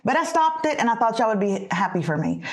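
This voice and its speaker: A woman in her forties hosts a chatty podcast. She tells stories in a confiding, lively way and acts out the people in them, her voice sitting a little high. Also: fast. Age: 40s. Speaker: podcast host. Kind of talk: casual storytelling chat.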